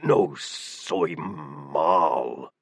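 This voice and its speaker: A man voicing a grim, monstrous undead hero with a horribly raspy voice, talking slowly and quietly in an audiobook. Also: dry recording, studio quality, full character voice. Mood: hushed reassuring. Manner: slow, halting, low and hushed. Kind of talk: audiobook character voice.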